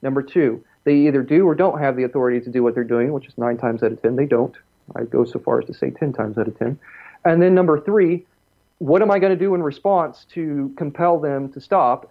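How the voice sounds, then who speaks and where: A man's voice: on the high side, narrow, tinny audio. A man talking casually on a podcast, blunt and profane, telling stories with quotes he acts out.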